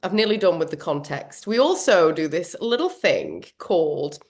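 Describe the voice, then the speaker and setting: A woman leading an online workshop on a video call, animated and quick to laugh, often acting out what goes on in people's heads. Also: lowish voice. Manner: animated, laughs often, acts out inner voices. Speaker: workshop trainer. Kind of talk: live online workshop talk.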